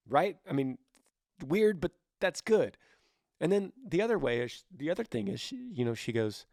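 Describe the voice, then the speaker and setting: A middle-aged man hosting a casual advice podcast, animated and acting out both sides of conversations as he answers listener questions. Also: a little high, normal speed, no echo, clean studio sound. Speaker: podcast host.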